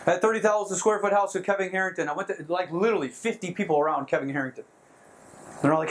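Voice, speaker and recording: A man leading a motivational seminar in front of a live audience, excitable and quick to laugh at his own jokes. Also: sits high, low-quality recording. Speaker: seminar trainer.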